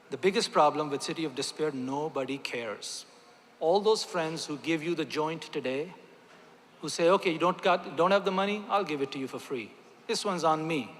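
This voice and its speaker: A doctor addresses the audience directly at a religious convention, delivering an earnest, emphatic speech in a large convention hall. His voice sits on the high side with a fairly bright tone, and a long hall reverb trails his words.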